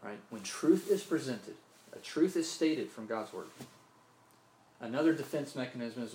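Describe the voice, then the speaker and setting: A man's voice: mid-range voice, expressive, normal speed, mellow, a little hiss or hum. A man from Mississippi preaching a sermon, earnest, often repeating himself and asking "right?". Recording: roomy echo, faint ambience.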